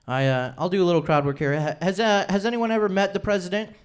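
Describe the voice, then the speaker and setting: A man's voice: high-pitched, steady tone, quick pace, noisy background. Young male comic in his 20s, rambling self-mocking stage delivery. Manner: rambling, self-deprecating, restarts often. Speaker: stand-up comedian. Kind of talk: stand-up routine. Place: comedy club stage.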